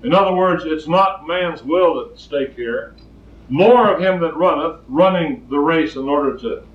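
In a voice that's a little high and unhurried, an older man preaches a plainspoken sermon, telling stories and hammering points through emphatic repetition. The recording is distant, roomy, and lo-fi.

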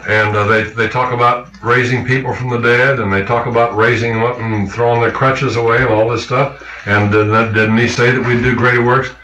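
A man's voice: medium pitch, little pitch movement, a little fast, few pauses, sharp tone. Emphatic preacher man in an echoey room. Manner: emphatic, questioning the congregation. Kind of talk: sermon.

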